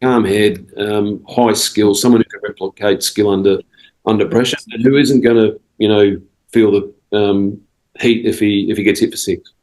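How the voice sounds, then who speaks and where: A man's voice: on the low side, steady tone, normal speed, a little mellow, low-quality recording. An Australian man, a cricket coach and podcast guest, telling stories in a rambling casual way with quoted dialogue. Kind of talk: casual storytelling interview.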